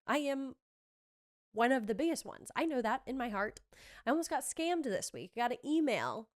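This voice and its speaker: A woman hosting a podcast, chatting casually and gushing excitedly through a recap with quick asides. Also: high voice. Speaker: podcast host. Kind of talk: casual chat recapping a trailer.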